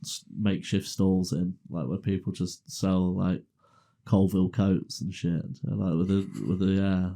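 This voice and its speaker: Casual podcast co-host, middle-aged man, low and mellow, spinning an anecdote. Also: level tone, measured pace. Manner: laughs through his own story, acts out quoted voices. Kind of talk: casual storytelling chat. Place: garage.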